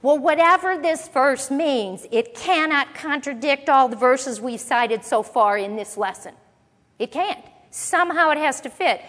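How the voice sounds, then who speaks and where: A woman teaching a conversational Bible lesson, reading verses and explaining them with relaxed, playful asides. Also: high voice. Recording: long reverb of a large hall.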